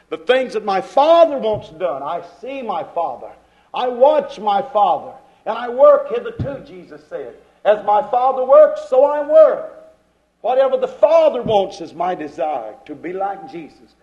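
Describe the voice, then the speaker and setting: High lively male preacher. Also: poor audio. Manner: repeats phrases with rising and falling emphasis. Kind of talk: sermon.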